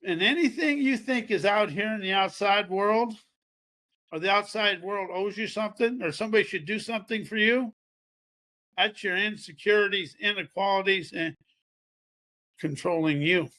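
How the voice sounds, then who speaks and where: A man's voice: sits high, normal speed, sharp tone. A man giving a rambling, folksy motivational talk about personal growth, sometimes acting out what others say. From American Midwest farming region. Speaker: self-help speaker.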